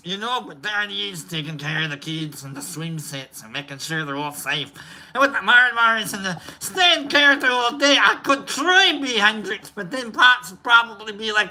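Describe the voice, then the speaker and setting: Brief: male streamer, fake drunk Scottish accent, rambly and profane, very bright sharp tone, swooping pitch. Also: expressive, moderate pace. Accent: put-on drunk Scottish accent. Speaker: livestream host. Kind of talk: casual livestream chat.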